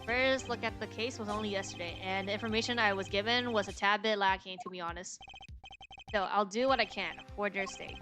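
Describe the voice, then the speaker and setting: Lady voicing a calm lawyer guy, measured and modest, music in the back. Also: mid-range voice, natural voice. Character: calm male defense attorney, modest. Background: game music.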